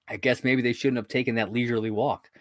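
A man's voice: medium pitch, flat delivery, fast talker, dry recording. Podcast guy rambling about an episode, laughs a lot, dry close mic. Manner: rambling, laughs often, swears casually. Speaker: podcast co-host. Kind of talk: casual chat recapping a sitcom episode.

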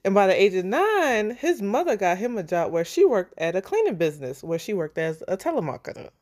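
A woman's voice: medium pitch, big pitch swings, fairly quick, darkish tone. A woman co-hosting a true-crime podcast, telling the story in a casual, chatty way. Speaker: podcast co-host.

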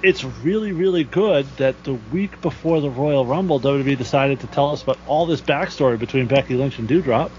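A man's voice: medium pitch, brisk, hardly any pauses, darkish tone. A man co-hosting a casual podcast chat, with a dry, sarcastic way of talking. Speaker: podcast co-host. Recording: dull lo-fi audio with faint noise.

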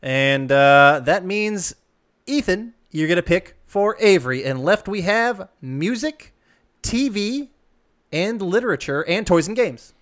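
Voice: medium pitch, a little slow. A quiz game host reading questions and joking with contestants in an upbeat way. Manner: playful, jokey, animated.

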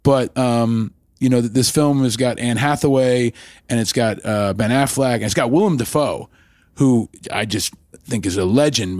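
A man's voice: medium pitch, darkish tone, dry recording, studio quality. Enthusiastic man asking long questions. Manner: enthusiastic, asks long rambling questions with restarts. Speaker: podcast host. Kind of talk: interviewer.

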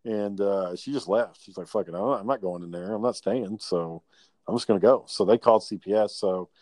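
Profane, animated male storyteller, dry sound. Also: lowish voice, fairly quick, no echo. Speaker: podcast guest telling work stories. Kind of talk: casual chat.

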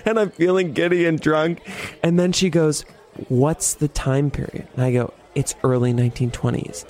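A man's voice: on the high side, steady tone, moderate pace, a little mellow. A young man telling a personal story in a casual, dramatic way, with laughter and swearing along the way. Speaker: podcast host.

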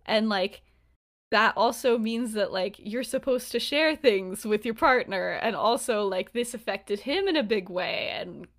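A woman podcast host chatting casually as she retells a story. She talks in an animated, run-on way and fills it with "like". Her pitch sits in an ordinary middle range for a woman. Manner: animated, heavy use of "like", quick asides.

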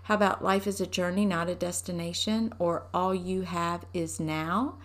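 A woman giving a conversational devotional talk from home, unhurried and asking her listeners rhetorical questions. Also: lowish voice, fairly even intonation. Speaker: devotional teacher.

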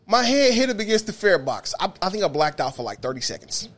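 A man from Detroit with a high, quick voice, telling stories in a loud, profane, animated way. He rattles through his tales with a bus driver's swagger in casual podcast talk. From Detroit, USA. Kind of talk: casual storytelling chat.

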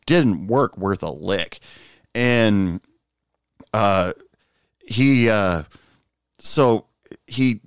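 Low-voiced man telling a rambling story. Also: smooth, dry recording, studio quality. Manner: rambling, many fillers and asides; jumps high when quoting others. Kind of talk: casual anecdote monologue.

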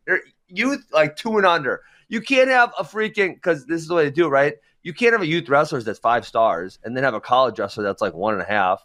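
A man's voice: on the high side, fairly quick, few pauses. A man co-hosting a casual wrestling talk show, giving opinionated rants. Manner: opinionated, ranting, animated. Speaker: podcast co-host. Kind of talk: casual chat.

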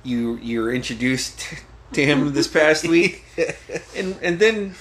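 A man's voice: on the high side, animated, slow pace, fairly bright tone. A man guest on a podcast, telling stories casually, swearing freely and laughing often. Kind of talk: casual storytelling.

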